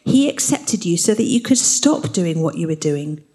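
A woman's voice: fairly low pitch, sing-song, moderate pace, mellow. A woman teaching the Bible in an earnest, explanatory way. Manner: earnest, explanatory, reads scripture aloud.

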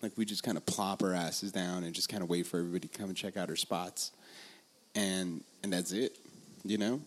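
A man in casual chat, telling rambling, profane stories that turn animated when he gets excited. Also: low voice, fairly quick, a little hiss or hum. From Los Angeles area, USA.

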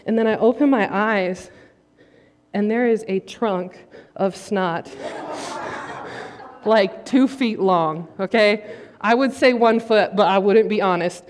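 A young woman pastor giving a humorous, chatty sermon in a church, laughing often as she tells stories. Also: takes it slowly. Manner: chatty, laughing often, rising to high squeals. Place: church sanctuary. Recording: long hall reverb.

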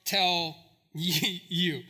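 A man voicing a stubborn young strongman husband, talking low, flat and dismissive. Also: very slow, breathy edge, full character voice.

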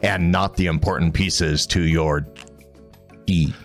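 A man playing a gruff male sports announcer, doing mock play-by-play commentary in an ad read. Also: deep voice, steady tone, takes it slowly, soft background music, pitched below the performer's own voice.

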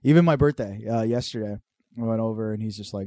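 A young man telling profane, animated stories in casual podcast chat. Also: fast talker, no room sound, clean studio sound. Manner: profane storytelling, mimics his dad in a loud high voice. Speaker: podcast co-host.

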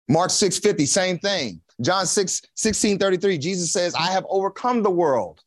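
Male preacher, casual folksy delivery, slightly high voice, dry close sound. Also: lively intonation, normal speed, few pauses, no room sound. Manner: casual and folksy, with slang and chuckles. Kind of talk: conversational sermon.

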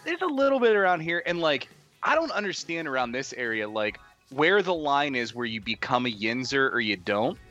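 Bright-voiced Western Pennsylvania man chatting. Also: medium pitch, very animated, normal speed, highs cut off, soft background music. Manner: storytelling, explaining, chuckling. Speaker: podcast co-host. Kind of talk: casual chat.

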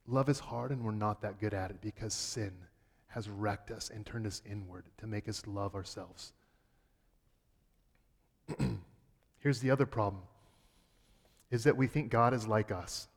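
A man preaching in an echoing hall. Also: medium pitch. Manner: earnest preaching, swings from quiet to emphatic. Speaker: pastor. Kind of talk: sermon.

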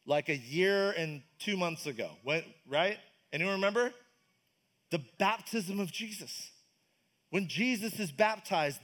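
A man's voice: high-pitched, a bit bright. A man preaching a casual, enthusiastic sermon at a church service, asking the congregation questions. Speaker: pastor. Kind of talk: conversational sermon.

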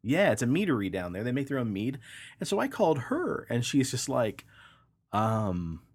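A man co-hosting a casual podcast, an animated storyteller who laughs easily. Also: medium pitch, brisk, slightly rough. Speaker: podcast co-host. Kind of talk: casual chat, joke telling.

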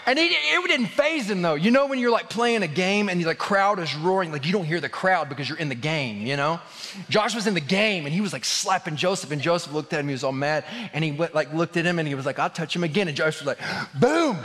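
A man's voice: a little high, expressive, fast talker, sharp tone, long reverb tail. A man preaching a sermon as a pastor, telling a funny story with lots of laughter and filler words. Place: church.

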